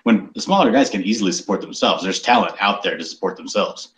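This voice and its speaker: A man chatting in a group call, earnest and measured as he makes a case. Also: deep voice, a bit bright, reverberant. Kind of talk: casual group chat.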